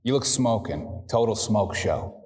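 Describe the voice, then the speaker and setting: A man's voice: on the low side, expressive, a little slow, a little mellow, in a large hall. An actor with a Boston accent playing a brash, flirty male cousin at a wedding in a beer commercial.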